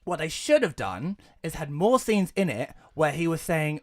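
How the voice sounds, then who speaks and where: A man's voice: on the high side, very animated, moderate pace, hardly any pauses. Ranting young English man. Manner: ranting, swears, acts out quoted lines. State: coughing, something stuck in throat. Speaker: podcast co-host. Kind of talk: casual podcast chat.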